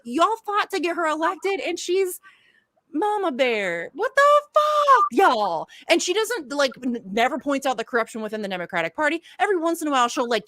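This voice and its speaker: A woman's voice: high-pitched, bright, forceful tone, no room sound. A woman co-hosting a podcast, ranting angrily about politics in heated, profane chat. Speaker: podcast co-host.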